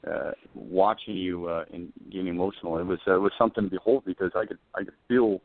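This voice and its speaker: A man with a very deep voice hosts a radio interview. He speaks hesitantly, full of fillers, and encourages his guest. The sound is dry and narrow, like a phone line. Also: steady tone, fast, dry recording. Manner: hesitant, many uh fillers, supportive. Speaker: radio show host.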